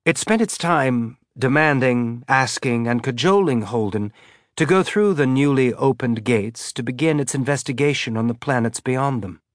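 A man narrating an audiobook in a steady, measured storytelling manner, lightly voicing the characters. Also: medium pitch, no echo, studio quality. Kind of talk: scripted narration.

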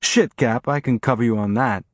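A blunt, offhand ship mechanic with a casual mouth, as a narrator puts him on. The voice stays near the reader's own, in a dry, close audiobook recording. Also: male voice, mid-range voice, moderate pace, no echo, lightly acted.

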